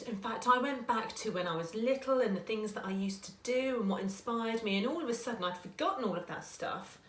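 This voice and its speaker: A woman in her forties, a small business owner, giving earnest, chatty advice to camera and often restarting her sentences. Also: on the high side. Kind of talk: casual talking-to-camera advice. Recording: echoey room.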